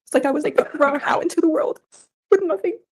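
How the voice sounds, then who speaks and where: A young woman testifying in court, speaking haltingly with many fillers. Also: high-pitched. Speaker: trial witness.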